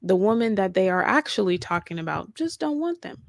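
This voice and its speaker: Woman host, creaky voice, dry close mic, emphatic reaction commentary. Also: medium pitch, sing-song, a little fast, no room sound. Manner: emphatic, repeats points, laughs mid-sentence.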